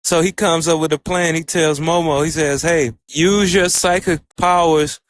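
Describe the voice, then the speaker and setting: A man's voice: fairly high pitch, fairly even intonation, moderate pace. A man casually recapping an anime episode in a loose, storytelling way, quoting the characters' lines as he goes. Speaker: anime reviewer.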